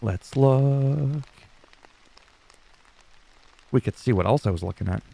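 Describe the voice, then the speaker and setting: A man's voice: low voice, racing, vocal fry, warm tone, breathy edge. Joking man rambling through wrestling news. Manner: joking, self-mocking, rambling asides. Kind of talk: casual solo commentary.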